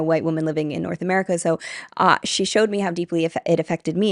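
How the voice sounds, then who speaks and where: A woman's voice: lowish voice, no room sound, studio quality. A woman giving candid commentary to her viewers, earnest and conversational, with frequent fillers and bursts of laughter. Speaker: vlogger.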